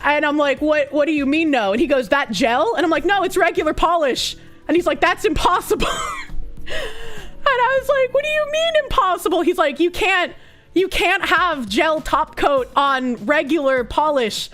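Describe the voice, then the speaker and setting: A young woman streamer telling a story in casual chat, animated and profane, laughing often and acting out what others said. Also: high-pitched, moderate pace, faint music behind.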